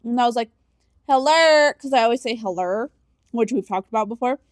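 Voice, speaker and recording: A woman's voice: fairly high pitch, fairly even intonation, racing, a little mellow, dry recording. A young woman co-hosting a casual podcast with her brother, playful and self-amused as she tells stories. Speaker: podcast co-host. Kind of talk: casual chat.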